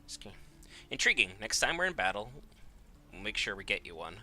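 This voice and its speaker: A man hosting a gaming channel, chatting casually and joking while he plays, often talking to himself. His voice is bright and sharp, and his pitch jumps around a lot. Soft game music runs underneath. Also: very animated, brisk. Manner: joking, offhand, talks to himself. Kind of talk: casual gameplay commentary.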